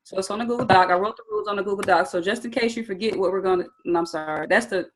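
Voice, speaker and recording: A woman's voice: mid-range voice, very fast, noisy background. A woman from Atlanta with a Southern accent, teaching trading in a live online webinar in a chatty, upbeat, encouraging way and speaking straight to her viewers over a video call. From Atlanta, Georgia. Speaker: trading instructor.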